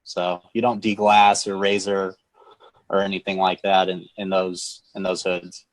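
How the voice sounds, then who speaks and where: Casual guest on a video call, lowish male voice, dry close sound, hesitant and repetitive. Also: level tone, a little slow, no room sound. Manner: hesitant, repeats words while explaining. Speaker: phone screen refurbisher guest. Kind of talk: casual live-stream chat.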